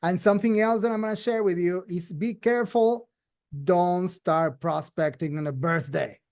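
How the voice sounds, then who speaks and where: A man's voice: high voice, normal speed, a little mellow. A man sharing social media tips in a casual online talk, chatty and full of "you know" and "I mean". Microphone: video call.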